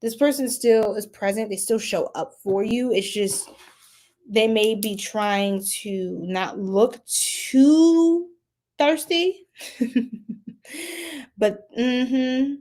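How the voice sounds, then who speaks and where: Young woman doing a chatty tarot reading, a bit high voiced, laughs a lot and yells whoa. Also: fairly even intonation, drawn-out words. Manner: chatty, laughs often, exclaims loudly. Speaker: tarot reader. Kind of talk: casual tarot reading livestream.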